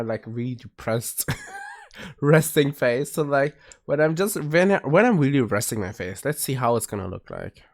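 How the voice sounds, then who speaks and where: A young man chatting casually with his stream viewers, rambling with many restarts and laughs. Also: medium pitch. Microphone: streaming mic.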